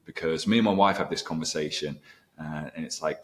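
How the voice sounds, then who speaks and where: A middle-aged male teacher interviewing a guest at a conference, telling animated stories with quoted dialogue. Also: a bass voice, brisk.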